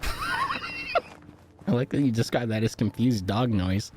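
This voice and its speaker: Animated, laughing young male streamer. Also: medium pitch, slow, long pauses, slight background noise. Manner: joking, rambling, swears often, laughs a lot. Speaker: live streamer. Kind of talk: casual live-stream chat.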